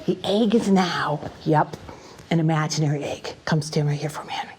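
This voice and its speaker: A woman magician performing a playful magic show for children, swinging between mock-outraged shouts and hushed whispers. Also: sits low, moderate pace, a little hiss or hum.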